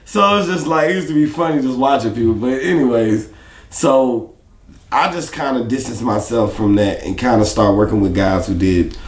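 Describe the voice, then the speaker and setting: A man, a rapper guest in an interview, telling stories in a casual, animated way with lots of laughter. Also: medium pitch, moderate pace, echoey room. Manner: animated, laughing storyteller who acts out other people's lines.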